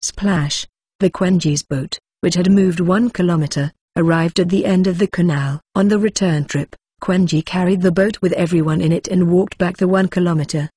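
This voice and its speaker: A woman narrating a web novel audiobook in an even, steady reading tone. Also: on the low side, moderate pace, husky, no echo, clean studio sound.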